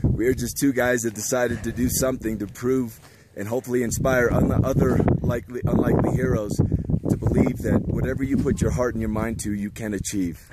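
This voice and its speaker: A man's voice: medium pitch, steady tone, brisk, very noisy. A man giving a short motivational speech outdoors on a mountain summit, earnest and rallying. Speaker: vlogger.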